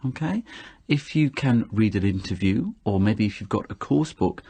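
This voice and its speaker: British guy, slightly husky low voice, calmly explaining how to speak english better. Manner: measured, advising. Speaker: English teaching guest expert. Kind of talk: explanatory radio conversation.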